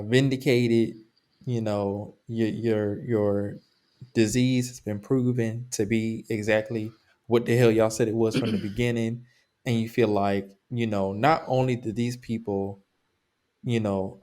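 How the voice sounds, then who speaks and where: A man co-hosting a podcast, chatting casually in an animated, rambling way, repeating points for emphasis. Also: on the low side. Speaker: podcast co-host.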